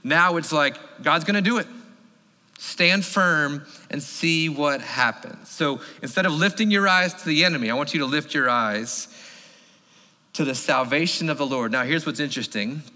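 A pastor delivering a sermon with a forceful, fairly high male voice, pressing every point emphatically. His words ring out with a long reverb from a large hall. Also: a little fast. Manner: emphatic, animated preaching.

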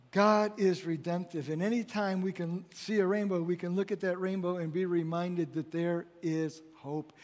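A man preaching a sermon as pastor, earnest, often slowing down and dropping softer for emphasis. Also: high voice. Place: church sanctuary. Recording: long hall reverb.

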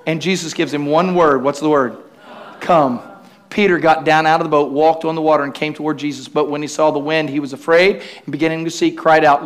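A male pastor preaching a lively sermon, calling out to the congregation and acting out the voices of the disciples. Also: a little high, fairly quick. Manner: preachy, call-and-response, acts out voices of the disciples.

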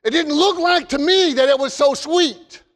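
A man with a Southern US accent preaching a fervent sermon, shifting between shouted warnings and folksy storytelling. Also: very high voice, normal speed, long reverb tail. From American South.

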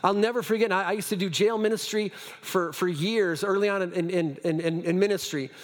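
A man preaching a sermon as pastor, telling a story with many restarts and dropping to soft, hushed lines. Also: sits high, fairly quick, in a large hall.

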